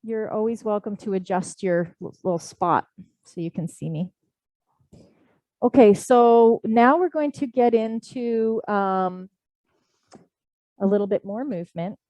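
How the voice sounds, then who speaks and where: A woman yoga teacher leads a class with gentle, unhurried cues, her voice mellow and warm. The sound is close and dry, with little room around it. Her pitch sits in an ordinary middle range for a woman. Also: no room sound, low-quality recording. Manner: gentle, slow guiding cues with soft breathing sounds. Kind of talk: live class instruction. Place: indoor studio class, also streamed online.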